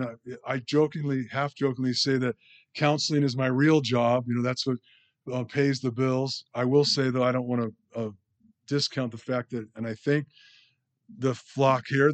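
A man preaching a conversational sermon as a pastor, rambling a bit, with many fillers and restarts. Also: medium pitch.

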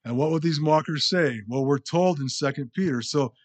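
A man's voice: on the high side, normal speed. Man teaching a conversational Bible sermon. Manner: conversational, self-deprecating, frequent restarts. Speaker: preacher.

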